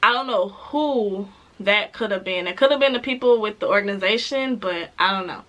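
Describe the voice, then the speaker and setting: A woman giving a casual, animated recap of a TV episode, chatting with laughs and acting out the characters' lines, with speech. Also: mid-range voice, moderate pace. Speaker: TV show reviewer.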